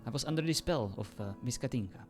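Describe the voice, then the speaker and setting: A man role-playing a character on a live stream, speaking in a calm, measured way and chuckling often. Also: medium pitch, over music. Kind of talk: in-character role-play chat.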